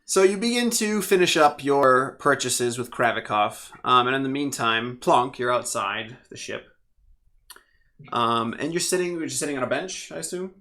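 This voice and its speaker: A man running a tabletop game as game master, describing scenes in a relaxed way with fillers. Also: mid-range voice, normal speed.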